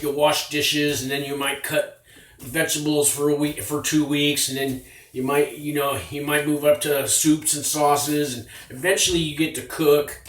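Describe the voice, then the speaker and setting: A man's voice: on the high side, distant mic. A man in his fifties telling a prison story in a rambling, profane, casual way, recorded on a tablet. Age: 50s. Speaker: former inmate vlogger. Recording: roomy, off-mic, with faint noise.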